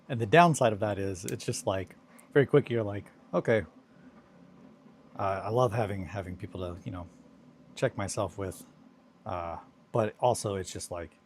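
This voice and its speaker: His voice is fairly low with a darkish tone, and there's a little hiss or hum in the audio. He's running a laid-back hobby stream, rambling and self-deprecating, laughing often as he crafts.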